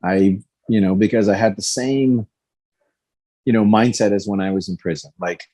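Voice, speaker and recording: A man in his fifties with a fairly low voice speaks as a podcast guest, recounting his past in a candid, lively way. He slips into acted-out quotes as he tells the story. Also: moderate pace. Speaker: guest, former fighter.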